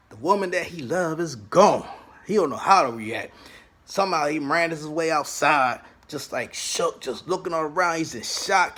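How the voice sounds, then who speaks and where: Guy doing a casual show recap, husky voice, kinda high, acts out every scene. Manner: animated, dramatic retelling with acted-out quotes. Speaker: host of a TV recap channel.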